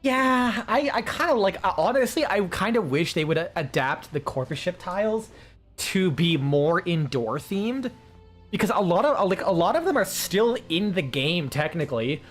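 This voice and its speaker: A man with a slightly high voice talks through his gameplay in a loose, rambling way. He swears freely and leans on filler words. Faint game music plays underneath. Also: big pitch swings, normal speed. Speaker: streamer. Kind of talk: casual gameplay commentary.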